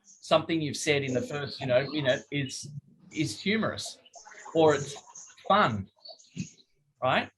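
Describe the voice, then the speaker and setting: A man's voice: on the high side, measured pace, pauses often, fairly bright tone, husky, poor audio. A middle-aged man, coaching a group over a video call in a chatty, joking way and acting out phone calls. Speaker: business coach.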